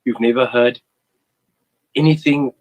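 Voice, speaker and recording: A man's voice: mid-range voice, steady tone, measured pace, rough recording. A man in his forties tells an earnest, heartfelt story as a guest in a casual interview. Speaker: former goalkeeper, interview guest.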